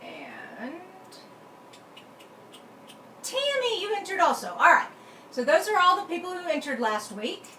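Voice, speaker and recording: A woman's voice: very high voice, wildly swooping pitch, measured pace, long pauses, pushed and bright. Chatty woman in an echoey room. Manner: chatty, talks to herself while working the computer. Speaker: card-making channel host. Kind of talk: casual live stream chat. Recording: echoey room with faint background noise.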